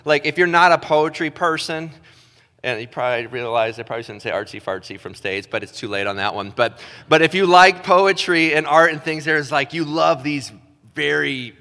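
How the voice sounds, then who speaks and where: A man preaching a sermon as pastor, in a casual, self-deprecating way full of "like" and restarts, reading scripture slowly. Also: a little high, pushed and bright. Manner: casual, self-deprecating, talks with his hands in filler words. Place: church stage. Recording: long hall reverb.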